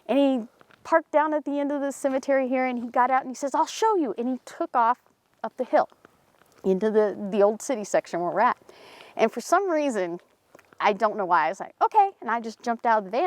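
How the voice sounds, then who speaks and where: Speaking quickly, a woman on a paranormal team shares a local story in a cemetery, easygoing and animated, acting out characters' lines in a raised pitch. There's no echo on the audio.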